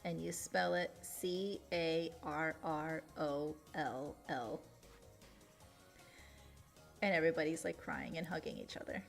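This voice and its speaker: A young adult woman streamer chatting casually, emotional and quick to laugh. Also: low voice, vocal fry. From Latin America. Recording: faint music behind.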